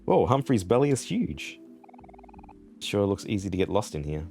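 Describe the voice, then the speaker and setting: A man's voice: lowish voice, sing-song, normal speed, mellow, faint music behind. A young Australian man streaming a video game, chatting in a rambling, laughing way with plenty of swearing. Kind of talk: casual gaming commentary.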